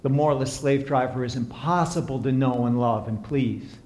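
A man preaching a sermon and counseling as he talks, impassioned, swinging from soft to emphatic. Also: mid-range voice, moderate pace. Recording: echoey room.

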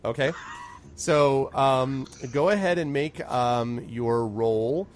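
A man's voice: mid-range voice, slow, a little hiss or hum. Easygoing man running a tabletop game. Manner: loose, filler-heavy narration with frequent laughs. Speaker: game master.

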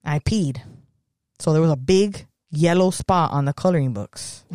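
A woman's voice: low voice, normal speed, dark tone, no room sound, clean studio sound. A woman chatting casually on a podcast, telling stories bluntly with acted quotes and some swearing. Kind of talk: casual chat.

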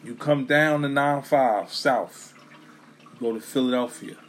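A man talking casually and profanely about sports fans, swinging between loud bursts and low mutters. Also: measured pace, a little hiss or hum. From New York.

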